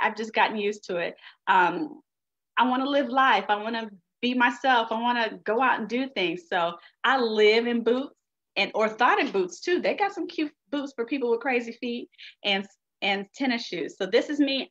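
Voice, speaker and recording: A woman's voice: medium pitch, fairly bright tone. A woman giving a chatty, folksy webinar presentation on a video call. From United States. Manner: chatty, folksy, addresses audience as y'all. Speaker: guest speaker sharing her experience. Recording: dull lo-fi video call audio.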